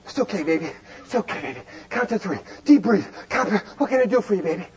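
A man acting out a calm husband soothing his wife in a soft, coaxing voice. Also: high voice, fast talker, dull audio, pitched below the performer's own voice.

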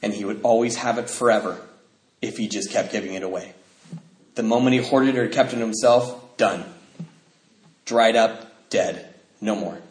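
A man sharing his recovery story with a meeting, lively, acting out what people said and laughing often. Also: fairly low pitch, normal speed, pauses often. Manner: animated, acts out quoted dialogue, laughs often. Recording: echoey room, faint noise.

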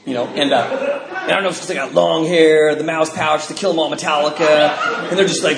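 A man sharing his story with a group, animated and laughing often, jumping high in pitch when he acts out other people. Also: fast, echoey room, very noisy.

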